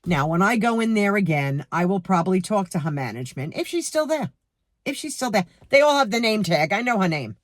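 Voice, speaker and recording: A woman's voice: mid-range voice, a little fast, no room sound. Worked-up new york lady venting on her channel, voice jumping all over, dry close mic. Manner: heated, animated, talks to viewers directly. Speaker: vlogger. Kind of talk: storytime rant to camera.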